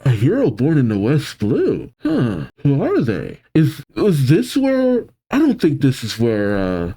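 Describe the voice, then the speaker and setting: A man's voice: medium pitch, unhurried, slightly rough. A man hosting a casual manga reaction, reading aloud and reacting as he goes. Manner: animated, reads aloud and reacts.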